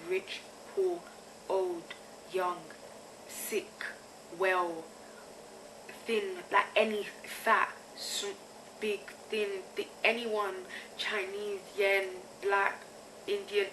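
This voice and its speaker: Self-filmed on a camera mic, this rough recording carries a little hiss or hum under a young woman's bright, forceful, mid-range voice. She's a vlogger confessing candidly to her own camera, slangy throughout and often checking in with "you get me."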